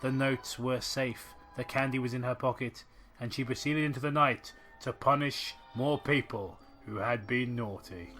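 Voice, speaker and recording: A man's voice: medium pitch, steady tone, moderate pace, fairly bright tone, soft background music. A man reading a story aloud as a podcast host, sarcastic and swearing as he rants about it. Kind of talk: comedic story reading and commentary.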